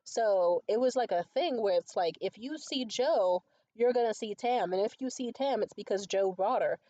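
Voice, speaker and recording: A woman's voice: medium pitch, moderate pace, mellow. A tired young woman ranting in a casual monologue, profane, exasperated and rambling. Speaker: stand-up comedian. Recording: muffled lo-fi recording.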